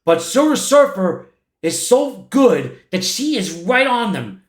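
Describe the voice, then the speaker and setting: A man's voice: sits high, big pitch swings, slow. A man casually recapping a film plot in a rambling way, with frequent restarts. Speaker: movie reviewer. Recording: echoey room.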